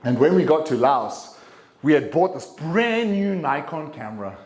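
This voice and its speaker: A middle-aged man giving a prepared speech at a club meeting, telling a personal story and acting out what people said. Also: moderate pace. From English-speaking country, living in Taiwan. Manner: animated storyteller, acts out quotes with sharp jumps in pitch. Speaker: club speaker. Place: meeting room. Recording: echoey meeting room.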